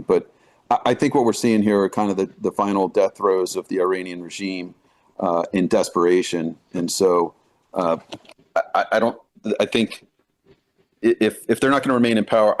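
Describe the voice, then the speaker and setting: A man speaking as a guest military analyst in a live news interview, halting and full of fillers and restarts. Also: low voice, darkish tone.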